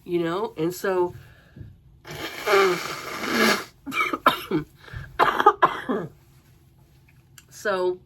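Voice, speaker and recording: A woman's voice: lowish voice, very slow, long pauses, noisy background. A woman giving a casual, exasperated book review, ranting with swearing and rhetorical questions.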